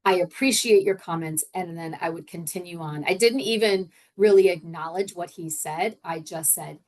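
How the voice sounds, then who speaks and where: A woman's voice: fairly low pitch, moderate pace, darkish tone. Middle-aged woman, podcast host and coach; loose, chatty delivery full of fillers. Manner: chatty, with many fillers and self-corrections. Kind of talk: casual solo podcast teaching.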